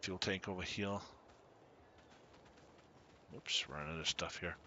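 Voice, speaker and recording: A man giving casual commentary while streaming a farming game, chatty and quick to laugh as he greets his viewers. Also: low voice, fairly even intonation, bright, forceful tone, lo-fi sound, slight background noise. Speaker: gaming streamer.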